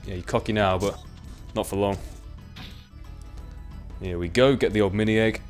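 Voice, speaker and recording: A man's voice: on the low side, moderate pace, faint music behind. A young man gives casual, rambling, self-mocking commentary while playing a video game. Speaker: let's play commentator.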